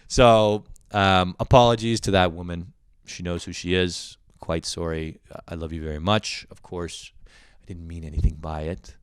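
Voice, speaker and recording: A man's voice: low voice, fairly even intonation, a little slow, clear, resonant tone, dry recording, clean studio sound. A man ranting in a profane, rambling, mock-angry stand-up style. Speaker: comedian.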